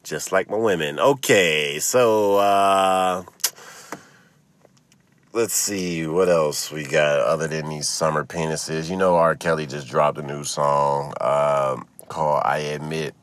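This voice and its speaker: A man's voice: extremely low pitch, fairly even intonation, takes it slowly, fairly bright tone. A man hosting his own podcast alone in his car, delivering a profane, ranting comedic monologue into a phone. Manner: profane, ranting, swears constantly. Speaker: podcast host. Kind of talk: solo comedic podcast rant.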